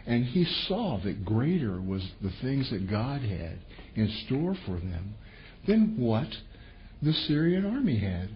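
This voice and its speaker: A male preacher in mid-sermon, his voice leaping up and down as he retells a scripture story and puts on the characters' lines. The recording is dull and lo-fi, with a faint hiss behind him. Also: takes it slowly. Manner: animated storytelling, voices quotes with sudden pitch jumps.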